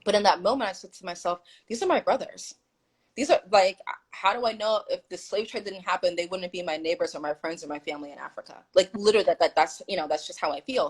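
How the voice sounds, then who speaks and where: Appearing on a live stream by phone or video call, a woman tells a story with animated emphasis, acting out quoted dialogue. Her voice is lowish and slightly rough, she talks fast, and the audio is poor.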